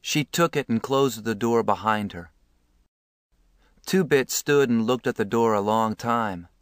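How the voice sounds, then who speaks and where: A man narrating a novel aloud in a measured, earnest voice. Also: mid-range voice, clear, resonant tone, dry recording, studio quality. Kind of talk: audiobook reading.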